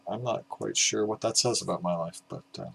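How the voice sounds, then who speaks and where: A man's voice: lowish voice, brisk, gravelly, a bit bright, slightly rough. A tired, middle-aged man rambling casually in a self-deprecating way, filled with "uh"s, while presenting records for his vinyl collecting video. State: exhausted, up at five in the morning.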